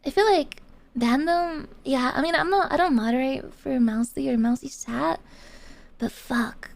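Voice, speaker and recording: A woman's voice: high voice, measured pace, vocal fry. A young woman streamer chatting casually to her viewers, swearing a lot and using gamer slang. She swings between giggles and rants. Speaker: VTuber streamer.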